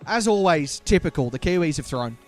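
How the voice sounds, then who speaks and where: Young Aussie male streamer-caster, high voice, playful hype, light music bed. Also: animated, fairly quick. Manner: chatty, hyped, playful banter with chat. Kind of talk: live stream commentary.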